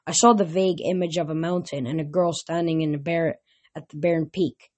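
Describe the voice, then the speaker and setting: A woman narrating a novel aloud in a plain, steady reading voice. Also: sits low, brisk.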